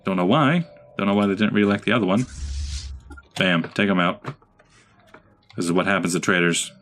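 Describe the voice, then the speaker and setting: A man's voice: deep voice, moderate pace, a bit bright, a little hiss or hum. A man giving casual gameplay commentary as a let's play host, chatting and talking to his units. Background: game music.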